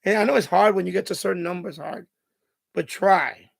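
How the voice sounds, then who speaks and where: Hoarse, raspy live-stream host, gravelly. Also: male voice, high voice, brisk, no echo, clean studio sound. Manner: rambling advice, heavy on "you know" and restarts. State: hoarse, voice going after hours of talking. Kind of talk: casual live-stream chat.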